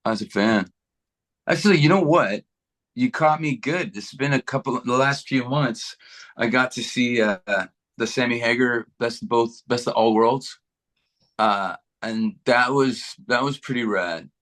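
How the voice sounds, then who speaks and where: A middle-aged man from Canada, a guitarist being interviewed, chatting in a relaxed, rambling way with many restarts. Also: mid-range voice, measured pace. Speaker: guitarist guest. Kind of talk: casual interview chat.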